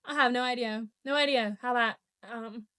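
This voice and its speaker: A young woman hosts a casual podcast chat, telling a story in a fairly high voice. She is animated and swears freely. She laughs in the middle of sentences. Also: moderate pace, smooth. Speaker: podcast host.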